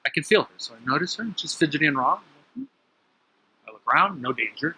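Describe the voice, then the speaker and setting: A man being interviewed tells a story in a lively, conversational way, acting out the dialogue. He is sitting outside at his home. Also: a little high, fairly quick, slightly rough, low-quality recording. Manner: animated, acts out quoted dialogue. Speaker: interview guest. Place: outdoor terrace at his home.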